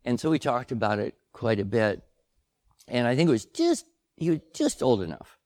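Older man, co-host, relaxed conversational delivery, dry sound. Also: medium pitch, moderate pace, no room sound. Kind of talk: casual conversation before a live audience.

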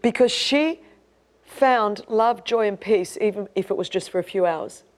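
Preaching in an unhurried, mid-range voice, an Australian woman in her fifties moves from rousing declarations to quieter storytelling. Her sermon is passionate and emphatic.

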